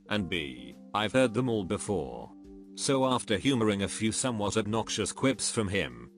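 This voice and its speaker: A man reading first-person stories aloud as scripted narration, in a flat read-aloud manner. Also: fairly low pitch. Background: faint background music.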